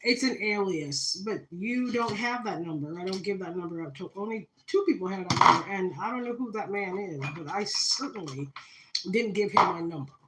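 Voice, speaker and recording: On a live stream, a tarot reader speaks straight to her viewers in a dramatic, spiritual reading packed with fillers. She talks at normal speed in a medium-pitched voice, and the roomy recording carries heavy background noise.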